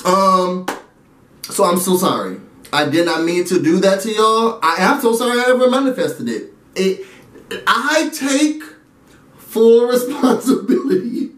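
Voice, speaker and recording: A fairly high-voiced man chats animatedly through a TV recap, breaking off into asides to his viewers. He sounds a little away from the camera mic, and the room around him echoes. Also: far from the mic. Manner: animated, chatty, talks straight to viewers with asides. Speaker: reality TV recap YouTuber. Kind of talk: casual recap and review vlog.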